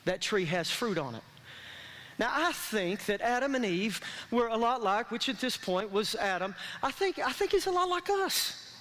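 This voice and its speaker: A man delivers a sermon in a high, bright voice. The long reverb of a large church hall trails after his words as he draws the congregation into call-and-response. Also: animated, normal speed. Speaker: pastor. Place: church sanctuary.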